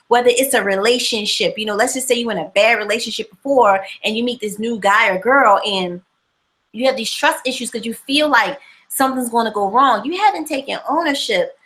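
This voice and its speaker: A woman hosting a casual motivational livestream, reading viewer comments and talking in a chatty, animated way that repeats words for emphasis. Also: fairly high pitch, fairly quick, rough recording.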